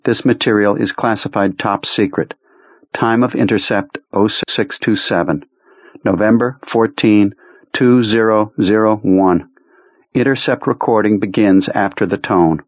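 A man reading aloud and imitating a slow, monotone, toneless recorded announcement. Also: fairly low pitch, no room sound, highs cut off. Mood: flat.

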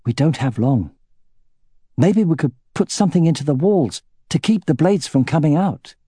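A troubled young dragon rider presses urgent questions, voiced by a man. The voice sits higher than plain talk, with a mellow tone. The sound is dry and close. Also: animated, moderate pace, husky, dry recording.

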